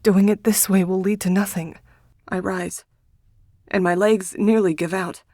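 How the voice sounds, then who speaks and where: A woman reading a first-person romance novel aloud in a hushed, emotional manner, as a scripted audiobook narration. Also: medium pitch, steady tone, unhurried, no room sound, clean studio sound.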